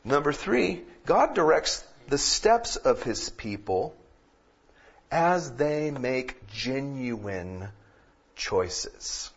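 A man preaching a sermon, moving from calm teaching to loud, emphatic peaks. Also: medium pitch, very slow, slightly rough, dull audio. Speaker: pastor.

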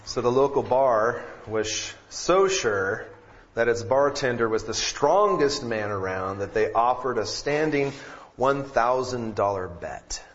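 A man's voice: medium pitch, highs cut off. A man preaching a sermon as pastor to his congregation, reading scripture, praying and telling jokes. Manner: reads scripture, prays, then preaches with jokes. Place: church sanctuary with congregation.

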